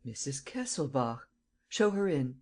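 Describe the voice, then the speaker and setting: A narrator reading the lines of a composed, middle-aged police chief who questions calmly and firmly. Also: male voice, medium pitch, measured pace. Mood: brisk. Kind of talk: audiobook character voice.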